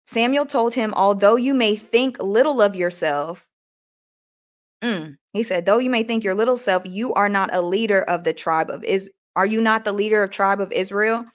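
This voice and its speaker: Female podcast host, mid-pitched voice, devotional reading with self-corrections and plain-spoken commentary. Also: moderate pace. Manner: reads aloud with frequent restarts and self-corrections; retells scripture scenes in plain everyday words.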